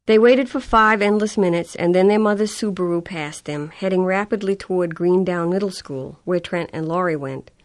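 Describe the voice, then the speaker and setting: A woman reading a novel aloud as audiobook narration. Her voice sits fairly low, and she tells the story in a measured, even way. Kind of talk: scripted narration.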